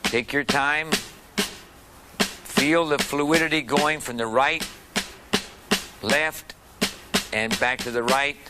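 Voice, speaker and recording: A man teaching a beginner drum lesson, calmly calling out stick strokes and explaining rudiments. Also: medium pitch, slow, pauses often, heavy background noise. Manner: calm, patient, counting and calling out strokes. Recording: drumming heard behind the voice. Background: snare drum rudiments played along.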